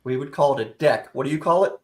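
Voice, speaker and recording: A man's voice: mid-range voice, fast talker, reverberant. A man co-hosting an author panel, teasing the guests in a playful way over a video call. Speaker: panel co-host. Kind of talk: casual panel chat.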